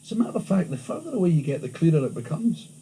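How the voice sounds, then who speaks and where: Glaswegian man in a lively interview. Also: a little high, rapid-fire, breathy edge, rough recording. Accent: Glasgow. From Scotland. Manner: animated storytelling, frequent restarts. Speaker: interviewee, comedian. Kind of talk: candid interview chat. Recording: old VHS tape with faint hiss.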